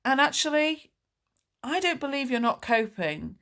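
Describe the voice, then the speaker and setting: A woman's voice: sits high, sing-song, unhurried, fairly bright tone. A woman, a life coach answering viewer questions in a candid, chatty, reassuring live Q&A. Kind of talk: live Q&A chat.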